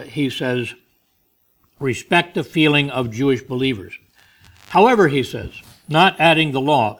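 Slow, deliberate male Bible teacher. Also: mid-range voice, fairly bright tone. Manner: deliberate, explains Greek words, stresses key phrases. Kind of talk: verse-by-verse Bible study teaching.

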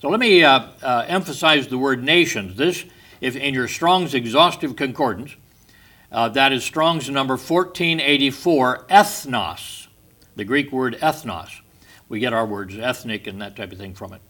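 A man's voice: mid-range voice, moderate pace, sharp tone. A man giving a Bible study lecture, explaining step by step, stressing key words and restating his points. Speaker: Bible teacher.

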